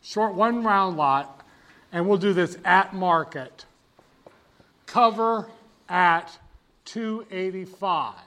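A man's voice: high voice, slow pace, long pauses, pushed and bright. A man lecturing a class, stressing key words and having students repeat phrases back to him. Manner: emphatic, drills terms, asks students to repeat. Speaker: teacher.

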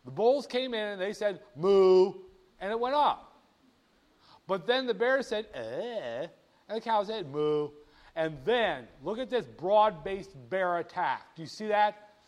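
High-voiced, animated finance instructor man. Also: normal speed. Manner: animated and playful, asks the viewer rhetorical questions. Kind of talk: screen-share lesson on market charts.

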